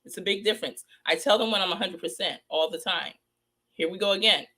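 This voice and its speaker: A woman's voice: fairly low pitch, brisk, bright, forceful tone, slight background noise. A woman hosting a psychic true-crime vlog, talking in a heated, scolding rant and repeating lines for emphasis.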